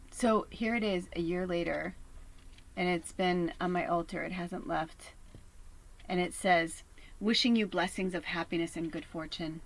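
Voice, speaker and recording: A woman giving a casual spiritual reading from a tiny home RV, chatty and earnest, swearing casually and sometimes dropping to a soft whisper. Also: fairly low pitch, steady tone, a little slow, rough recording. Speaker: spiritual reader. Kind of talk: casual collective tarot reading.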